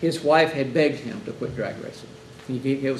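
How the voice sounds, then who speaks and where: Speaking at a moderate pace with a medium-pitched voice, a male chaplain instructor delivers a conversational lecture to hospital chaplains. He regularly acts out talks with grieving families. The room echoes, the mic is far away, and there's faint hiss.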